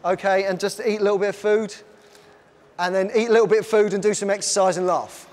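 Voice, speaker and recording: A man presenting a live science show on stage, energetically bossing volunteers around and shouting instructions. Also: high-pitched, a little fast, slight background noise. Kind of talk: lively live science demonstration.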